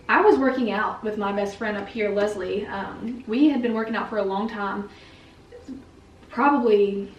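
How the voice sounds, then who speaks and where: A woman's voice: on the high side, recorded from a distance, a little hiss or hum. A woman in her twenties chatting candidly to camera at home, with lots of "like"s. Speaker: vlogger. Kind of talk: casual chat to camera. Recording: echoey room, a little off-mic, faint music.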